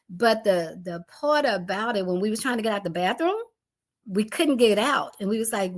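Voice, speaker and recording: A middle-aged woman tells a personal storm story, acting out her family's voices in an animated way. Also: medium pitch, normal speed.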